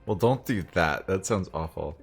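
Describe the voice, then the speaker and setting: A chatty man from the United States co-hosts a game playthrough and drifts into rambling stories between laughs. His voice is low and a bit husky, yet his pitch moves a lot as he talks. Quiet game music sits in the background. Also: animated, moderate pace. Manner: chatty, laughs easily, meandering. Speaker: let's play co-host. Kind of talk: casual chat, storytelling.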